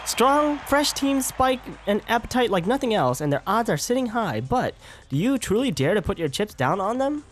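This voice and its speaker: A man's voice: big pitch swings, normal speed. A man reading as a hyped tournament announcer. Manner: reads game lines aloud, brighter and higher than his own talk. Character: upbeat tournament announcer introducing contestants.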